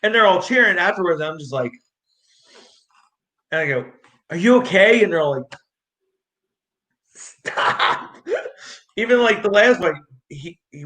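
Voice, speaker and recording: A young man telling fight stories in a rambling, excitable way, acting out what people said, as a guest on an interview show. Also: fairly high pitch, a little fast. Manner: excitable, rambling, acts out quotes. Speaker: guest, amateur street fighter. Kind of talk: casual storytelling interview. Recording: echoey room.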